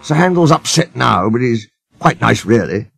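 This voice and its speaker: A man voicing a kindly small male engine who speaks softly and apologetically. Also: medium pitch, very animated, normal speed, creaky, slight background noise. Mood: gentle. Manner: soft and apologetic.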